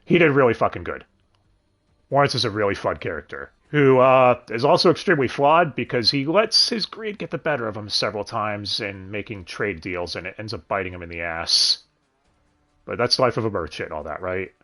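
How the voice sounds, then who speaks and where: A man's voice: lowish voice, big pitch swings, fairly quick, a bit bright. A man co-hosting a casual podcast, talking animatedly about an anime dub, swearing freely and laughing often. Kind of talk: casual chat.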